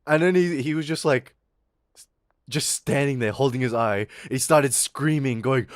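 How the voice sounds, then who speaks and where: A man's voice: medium pitch, normal speed, dry recording, clean studio sound. A man streaming live and telling a story in a rambling, profane way, full of fillers. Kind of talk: casual storytelling on a livestream.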